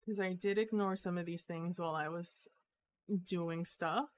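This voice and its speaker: A woman's voice: lowish voice, steady tone, measured pace, a little hiss or hum. A young woman streamer talking casually and rambling, with lots of fillers and restarts. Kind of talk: casual live-stream chat.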